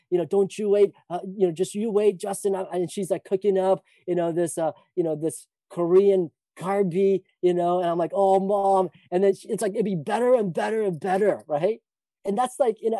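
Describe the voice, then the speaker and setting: A man's voice: high voice, mellow, no room sound. A man preaching a sermon, talking earnestly with many restarts and asides. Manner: earnest preaching with frequent restarts and "you know". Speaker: pastor. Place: church retreat service.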